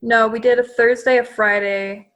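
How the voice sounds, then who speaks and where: A woman's voice: a little high, steady tone, moderate pace, a bit bright, muffled recording. A young woman guest on a podcast, chatting casually and hesitantly, with plenty of fillers. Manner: hesitant, lots of fillers, self-deprecating. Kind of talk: casual chat.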